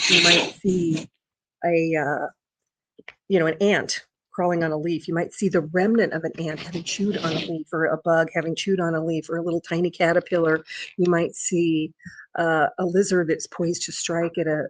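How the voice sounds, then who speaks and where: Low-voiced woman chatting casually. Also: steady tone, normal speed. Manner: chatty, rambling, with restarts and high sing-song talk to her dog. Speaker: vlogger. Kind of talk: casual chat.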